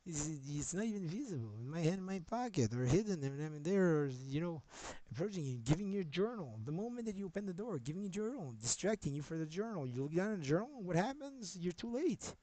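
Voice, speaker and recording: A man's voice: sits high, very animated, brisk, hardly any pauses, mellow, no echo, rough recording. A man streaming, talking in a rambling, agitated monologue with a lot of swearing.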